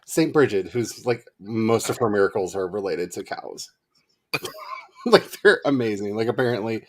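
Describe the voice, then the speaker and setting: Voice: mid-range voice, normal speed. A co-host in casual chat, telling stories with lots of giggling. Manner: giggly, animated storytelling.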